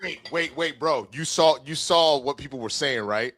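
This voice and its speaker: A man's voice: fairly high pitch, normal speed, fairly bright tone. A man co-hosting a casual livestream, teasing his friend and laughing often. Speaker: co-host.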